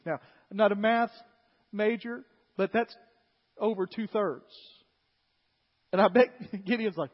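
Husky high-voiced man preaching in a reverberant hall. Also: a little slow. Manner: animated preaching that acts out scripture figures in conversational asides. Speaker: pastor. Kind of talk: sermon. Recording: long hall reverb, dull lo-fi sound.

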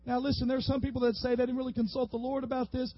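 A pastor with an unusually high, husky voice preaches a sermon, animating the story as he goes. The sound is close and dry, with a slightly dull, lo-fi quality. He speaks as a man leading a congregation through a passage. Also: very fast, no echo. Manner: animated, acts out biblical figures with rising voice.

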